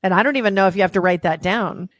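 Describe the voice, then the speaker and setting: A woman's voice: mid-range voice, quick pace, dry recording. A woman hosting a podcast, leading a thoughtful casual discussion. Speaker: podcast host. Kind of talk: casual chat.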